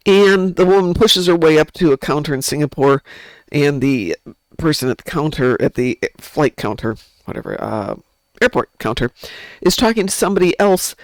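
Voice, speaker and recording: A man's voice: a little high, dry recording, low-quality recording. A man with a Midwest accent, hosting a game stream and telling stories in casual chat. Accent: American Midwest. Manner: chatty storyteller. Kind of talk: casual chat while gaming.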